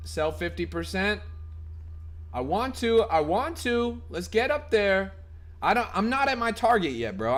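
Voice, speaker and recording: A young man live-streaming his trading to chat, excitable and profane, bursting into loud shouts. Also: high-pitched, a little slow. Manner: profane, blunt banter with chat.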